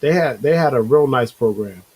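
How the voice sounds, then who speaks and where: A man's voice: medium pitch, lively intonation, moderate pace, darkish tone, breathy edge, poor audio. A man hosting a live-streamed talk show, chatting loosely with viewers, calling them bro and reading their comments aloud. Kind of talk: casual live-stream chat.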